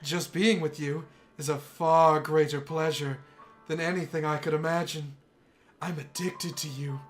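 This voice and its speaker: A man voicing an obsessive, soft-spoken young woman, reading visual novel dialogue aloud in a hushed, intense voice. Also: a little high, steady tone, measured pace, soft background music, close to an everyday voice.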